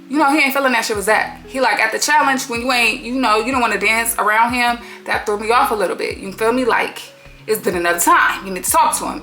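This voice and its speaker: A woman hosting a reality show recap, talking in an animated, sassy way full of slang and swearing. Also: mid-range voice. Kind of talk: casual TV recap commentary.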